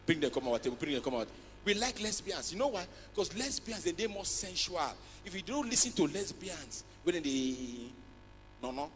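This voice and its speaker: A man with a Nigerian accent doing a stand-up comedy routine on a big festival stage, switching between Pidgin and English with loud acted outbursts. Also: sits high, sing-song, moderate pace, slight background noise. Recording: long hall reverb, faint music.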